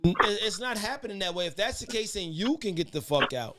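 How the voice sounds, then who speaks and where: A man's voice: high voice, big pitch swings, brisk, very noisy. A man hosting a casual podcast debate, who keeps calling for order and talks in rambling restarts. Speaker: podcast host.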